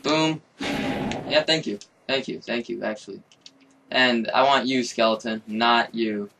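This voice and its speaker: A young man commentating his own game, excitable and swearing, with sudden yelling outbursts. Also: medium pitch, measured pace, far from the mic, noisy background. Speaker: gamer.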